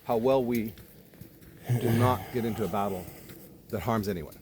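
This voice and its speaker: A man telling a story in casual conversation, animated, swearing freely and acting out the people in it. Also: fairly low pitch, noisy background. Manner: animated retelling, swears freely, quick jumps in loudness.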